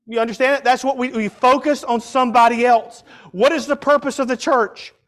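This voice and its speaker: An older man preaching a sermon, asking rhetorical questions and swinging from loud cries to hushed tones. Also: very high-pitched, fairly even intonation, brisk.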